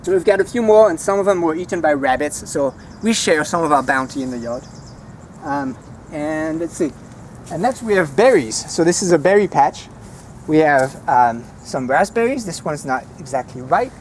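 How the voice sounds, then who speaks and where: A man walking through a home vegetable garden outdoors, naming plants and teaching their French words in a relaxed, chatty way. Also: on the high side, moderate pace, a little hiss or hum. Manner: relaxed, chatty, easily enthused. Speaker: language teacher giving a garden tour.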